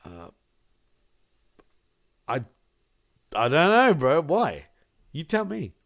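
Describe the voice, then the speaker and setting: Male podcast co-host, a bit high-pitched, loose and crude, laughs constantly, says "bro" every line. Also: huge pitch swings, takes it slowly, vocal fry. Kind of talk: casual crude chat.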